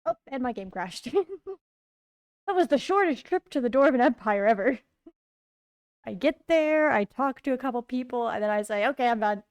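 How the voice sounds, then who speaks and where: A woman's voice: high-pitched, animated, moderate pace, clear, resonant tone, dry recording. A woman streamer chatting casually over a role-playing game, joking and laughing often. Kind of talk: casual gameplay commentary.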